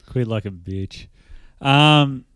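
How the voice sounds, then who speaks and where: A man's voice: medium pitch, slow, fairly bright tone, clear, resonant tone, no room sound. An Australian man co-hosting a casual podcast, crude and joking as he rambles through stories. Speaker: podcast co-host.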